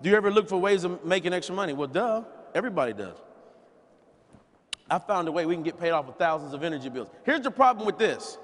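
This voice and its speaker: A man giving a folksy, animated sales training talk, acting out conversations and repeating key phrases. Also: fairly high pitch. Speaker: business opportunity trainer. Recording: long hall reverb, live event.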